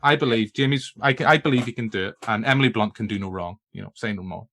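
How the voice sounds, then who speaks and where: A man's voice: fairly low pitch, fast talker. Playful Northern Irish man hosting. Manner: animated, playful, stubborn banter. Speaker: podcast host. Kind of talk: casual chat.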